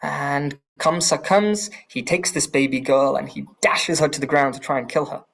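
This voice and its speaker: A man teaching a scripture class with a fairly high voice. He retells the story with animated swings in pitch and asks the room questions as he goes. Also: moderate pace, vocal fry.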